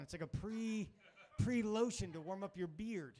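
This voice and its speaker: Middle-aged male comic hosting a club night, high voice, crude and self-mocking, on a stage mic. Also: a little fast, mellow. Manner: crude, rambling, self-mocking, swears a lot. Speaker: stand-up comic and show host. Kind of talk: stand-up comedy set.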